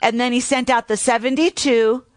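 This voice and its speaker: A woman's voice: on the high side, fairly even intonation, moderate pace, no room sound. A woman teaching the Bible in a methodical way, carefully citing and repeating scripture references.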